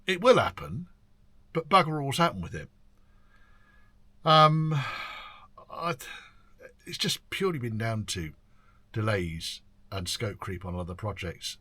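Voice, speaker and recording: An older Englishman with a husky voice chats casually to camera. He rambles between topics with ums and mild swearing, and his voice rises and falls a lot. The sound is dry and close. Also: fairly low pitch, sharp tone, no echo. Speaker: classic car workshop owner and video host. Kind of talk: casual year-end chat to camera.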